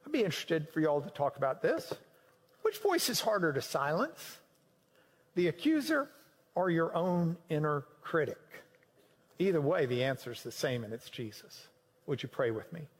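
A man preaching a sermon to a class, swinging between loud emphatic lines and quiet low ones. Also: sing-song, moderate pace, husky. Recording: long hall reverb.

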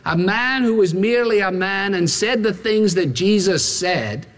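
A man's voice: high-pitched, lively intonation, unhurried. A man preaching a sermon, emphatic, repeating phrases and asking rhetorical questions. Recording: long reverb from a large hall.

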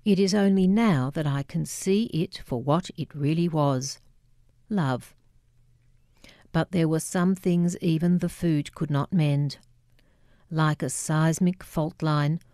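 A woman with an Australian accent reading her memoir aloud in a measured, reflective way. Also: low voice, warm tone, dry recording, studio quality. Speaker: memoir narrator. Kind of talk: scripted memoir narration.

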